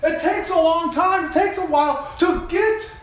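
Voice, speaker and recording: A man preaching a sermon, retelling a story in an animated way and putting questions to his listeners. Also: extremely high pitch, moderate pace. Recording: very echoey room.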